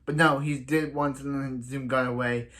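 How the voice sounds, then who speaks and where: A man casually recapping a TV episode, rambling with lots of restarts and acting out characters' lines in quick asides. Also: medium pitch, little pitch movement, fairly bright tone, slight background noise. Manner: rambling, full of restarts and "so yeah". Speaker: TV episode reviewer.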